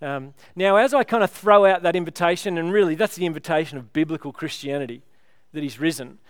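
A man's voice: fairly high pitch, fast talker, clean tone, dry recording, studio quality. A man preaching a sermon, chatty and joking with the congregation. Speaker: pastor.

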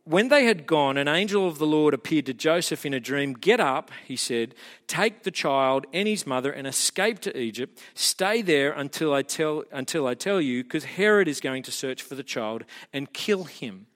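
Man, pastor, sermon, animated storytelling, fairly high voice, long church-hall reverb. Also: normal speed. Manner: animated storytelling, rising to emphatic peaks.

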